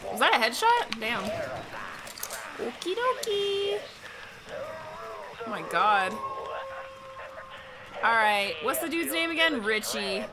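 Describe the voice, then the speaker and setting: A young woman streaming a game, chatting casually with loud, excitable outbursts. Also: on the high side, measured pace, pauses often. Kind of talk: live gameplay commentary. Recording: stream audio with background noise.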